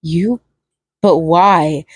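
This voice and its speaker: A woman's voice: on the low side, very slow, husky, dry recording, studio quality, voice pushed down, exaggerated voice. A woman voicing a manic, clingy male killer clown in a fan fiction reading, stammering between pleading and giggling. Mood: unhinged, clingy.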